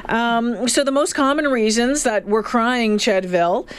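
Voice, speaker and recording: A woman's voice: fairly high pitch, a little slow, clean tone. Chatty woman radio co-host. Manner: chatty, reads survey figures aloud. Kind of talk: casual on-air chat.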